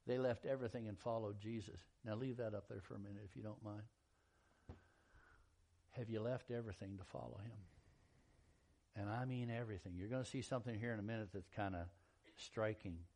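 A man preaching a sermon in a folksy, animated storytelling style, acting out quotes and jokes. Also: medium pitch. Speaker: pastor.

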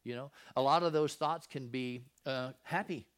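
A man delivers a relaxed Bible teaching as if talking with friends across a table. He speaks in a folksy, conversational manner, with a voice of ordinary middle pitch. He keeps turning to his listeners with rhetorical questions. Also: moderate pace, smooth. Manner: folksy, repeats and restarts phrases. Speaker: Christian preacher.

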